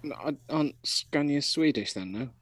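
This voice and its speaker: A man co-hosting a casual podcast, chipping in quickly and pulling the chat back on topic. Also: fairly high pitch, expressive. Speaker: podcast co-host.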